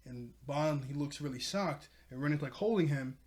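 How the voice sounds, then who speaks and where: A young man casually recapping an anime episode as a reviewer, rambling with lots of "like" and "you know" and clearly an excited fan. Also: on the high side, moderate pace. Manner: enthusiastic fan.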